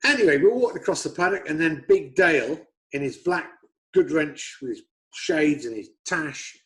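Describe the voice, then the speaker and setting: A middle-aged English man, a guest racing driver, telling stories in casual chat, animated and swearing freely. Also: fairly high pitch, moderate pace, poor audio.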